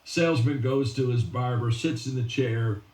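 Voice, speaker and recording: Speaking at a moderate pace in a mid-range, slightly mellow voice, a man gives a motivational speech built around stories. He emphasizes and repeats key phrases and frequently starts sentences over. The sound is roomy and distant from the mic.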